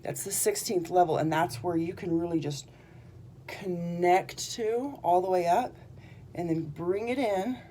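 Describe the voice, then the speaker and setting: A woman's voice: on the low side, unhurried, dark tone, a little hiss or hum. A woman energy healer talking casually to her viewers in a bubbly, rambling way with lots of fillers. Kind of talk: casual talk to camera.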